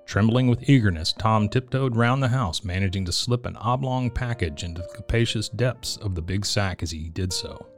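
A man with a fairly low voice reads a holiday storybook aloud. His delivery is gentle and measured. Soft music plays faintly behind him. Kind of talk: storybook narration.

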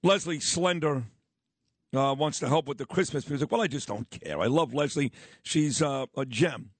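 A man's voice: fairly high pitch, no echo. A middle-aged man hosting a radio talk show, bantering and arguing with teasing comebacks from a studio microphone. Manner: argumentative, teasing, quick comebacks.

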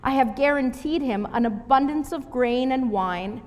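A woman's voice: sits high, normal speed, lightly acted. A woman voicing an old, partly blind father who speaks with solemn gravity in a scripture reading. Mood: dismayed. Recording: long hall reverb.

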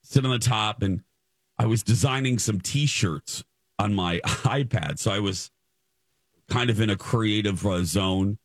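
A man's voice: on the low side, unhurried, no room sound. Radio host guy telling a story, all worked up, keeps tripping over his words, dry close sound. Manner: animated, stumbling repeats while reliving the moment. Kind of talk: casual storytelling chat.

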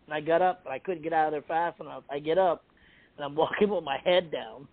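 A middle-aged man with a fairly high voice tells an embarrassing story in a casual chat. He laughs often and acts out the lines of the people in it. The sound is thin and tinny, like a phone line. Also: a little fast, gravelly, no echo. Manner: animated, laughing, acts out quotes.

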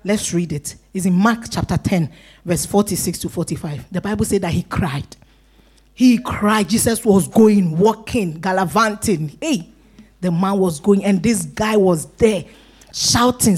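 Woman pastor, animated preacher who acts out crowd voices. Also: medium pitch, moderate pace, husky. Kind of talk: sermon.

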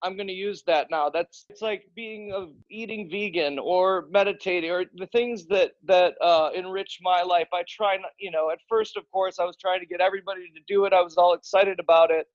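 A man's voice: high-pitched, no room sound, dull audio. A man guesting on a podcast, talking in a loose, rambling way with frequent restarts and casual swearing.

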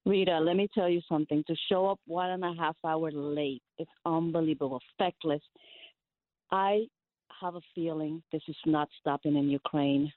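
A woman's voice: low-pitched, no room sound. A woman calling in to a talk radio show, speaking in an impassioned, insistent way. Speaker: caller. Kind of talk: call-in radio conversation. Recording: tinny phone line.

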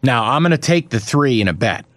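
A male sports betting podcast co-host with an average-pitched voice chats casually about betting, putting on theatrical mock outrage and cursing freely, his pitch jumping sharply when riled. He talks briskly with lively intonation on a dry mic with no room sound.

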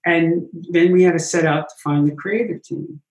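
A Broadway producer in an interview tells his stories with energy and acts out other people's lines. His voice sits a little high for a man. The room around him echoes. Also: moderate pace, vocal fry. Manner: animated anecdotes, acts out quotes. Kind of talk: interview storytelling.

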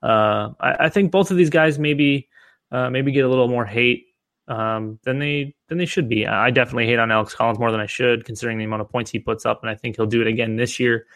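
A man's voice: mid-range voice, fast, fairly bright tone, dry recording. Guy rambling casually on a podcast, lots of ums, dead dry sound. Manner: rambling, many restarts and fillers. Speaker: podcast co-host. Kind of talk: casual fantasy football discussion.

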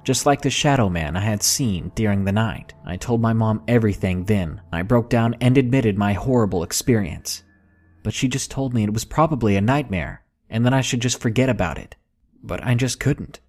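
A man reading out a true scary story in a measured, unhurried way. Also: lowish voice, lively intonation, darkish tone. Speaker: narrator. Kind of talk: scripted horror story narration. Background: faint background music.

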